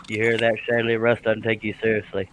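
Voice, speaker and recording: A man's voice: on the low side, monotone, normal speed, crowd noise, poor audio. A man hosting a woodworking live stream, chatting casually and joking with his co-hosts. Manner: jokey, laughing easily, drawling "y'all". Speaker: scroll saw pattern designer hosting a live stream.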